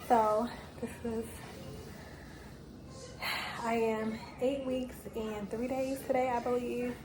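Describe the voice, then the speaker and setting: A young woman from the United States chatting in a casual sit-down vlog at home, animated and emotional, with plenty of "like" and "y'all.". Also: on the high side, extremely slow, pauses often, noisy background. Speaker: vlogger.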